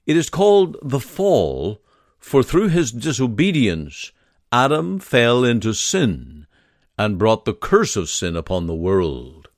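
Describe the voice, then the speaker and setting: A man giving a devotional sermon, reading scripture and leading a prayer in a slow, earnest, measured way. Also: medium pitch, big pitch swings, no room sound, studio quality. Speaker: preacher.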